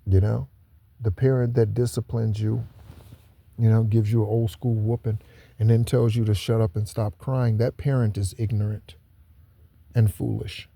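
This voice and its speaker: A spiritual channel host talks alone to his viewers in a lowish, level, creaky and warm voice. His monologue is preachy, repeating and stressing points, with slow, stressed asides.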